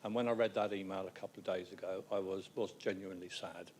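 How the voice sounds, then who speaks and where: A man with a lowish voice speaks in a council chamber, telling a wry anecdote in a tribute speech. He sometimes trips over repeated words. A faint hum of room noise sits underneath. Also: fairly even intonation, fast, darkish tone.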